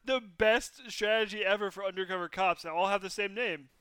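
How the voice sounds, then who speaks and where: A man in casual comic banter, sarcastic and incredulous, pitching mock-serious plans. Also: fairly quick, sharp tone, smooth, no room sound.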